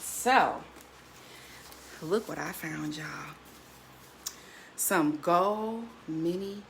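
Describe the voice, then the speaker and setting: An older woman, hosting a casual cooking vlog and chatting warmly and animatedly to her viewers, laughing often. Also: fairly low pitch, extremely slow, vocal fry, long pauses, slight background noise. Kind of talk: casual unboxing chat to viewers.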